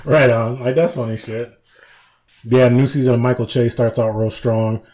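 Speaking at a normal speed with a steady, darkish mid-range voice, a man co-hosts a casual podcast. He laughs a lot, swears freely, and acts out lines as he retells comedy sketches.

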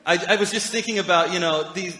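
A pastor with a high-pitched, bright, pushed voice talks fast as he delivers a sermon in a conversational, storytelling style, slipping in humorous asides. The recording has an echoey hall reverb.

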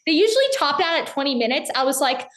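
A woman's voice: sits high, expressive, fast talker, a bit bright. An eighteen-year-old woman from North Carolina, a filmmaker guest chatting eagerly in an interview with lots of "like"s. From North Carolina, USA. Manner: bubbly, chatty, many "like"s. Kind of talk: casual interview talk.

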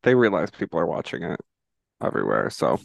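A man's voice: low-pitched, wildly swooping pitch, brisk, vocal fry, dry recording. A man chatting as a guest on a podcast, hesitant and understated with a dry humor. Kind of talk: casual chat.

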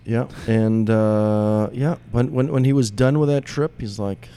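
A man in casual chat about his brewery, halting and repeating words as he starts his thoughts. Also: medium pitch, fairly even intonation, mellow, clean tone. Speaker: brewery co-owner.

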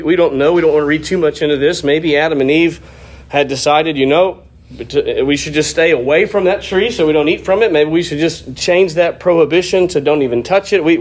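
A man giving an expository sermon, teaching in a steady way with occasional restarts. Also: on the high side. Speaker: pastor.

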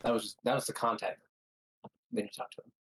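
A man's voice: medium pitch, big pitch swings, fairly quick, vocal fry, fairly bright tone, a little hiss or hum, low-quality recording. A man co-hosting a podcast in casual chat, playfully arguing and jabbing at his partner. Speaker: podcast co-host.

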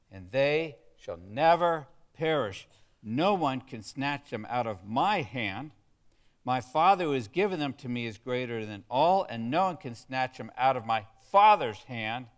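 A pastor preaching a sermon. He stresses key words and gets the congregation to repeat lines back to him. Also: mid-range voice. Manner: emphatic, leads the congregation in call-and-response.

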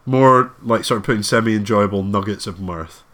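A man's voice: fairly low pitch, moderate pace, a bit bright. Jokey man hosting a podcast. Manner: rambling, jokey, restarts often. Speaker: podcast co-host. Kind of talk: casual podcast chat.

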